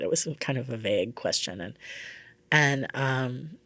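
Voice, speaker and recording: A middle-aged woman from Hawaii, a psychic and spiritual teacher, tells stories in a casual interview, speaking at a normal speed in a very deep voice. She's an animated storyteller who acts out quoted voices and laughs often. There's no room sound.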